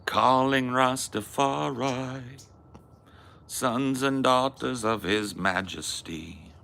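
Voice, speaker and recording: A man's voice: medium pitch, drawn-out words, gravelly, sharp tone, pitched above the performer's own voice, full character voice. A man doing an impression of a woman politician putting on a mock island accent, in sing-song nonsense chants. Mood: chanting.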